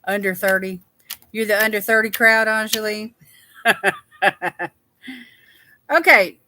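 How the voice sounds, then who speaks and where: A woman's voice: medium pitch, fairly even intonation, moderate pace, long pauses, pushed and bright. A woman, chatting casually with viewers as a livestream host and reading their names aloud. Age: 60s.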